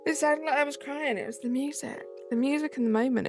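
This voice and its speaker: A woman's voice: high voice, quick pace. A young woman live streaming at home on a desk mic, chatting casually, reading chat aloud and joking back. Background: faint game music.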